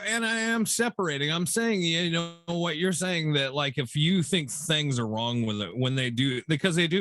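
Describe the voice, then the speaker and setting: A man's voice: a little high, a bit bright, no room sound, clean studio sound. A man co-hosting a podcast, talking in a casual, exasperated way and swearing as he rants. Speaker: podcast co-host. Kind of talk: casual chat.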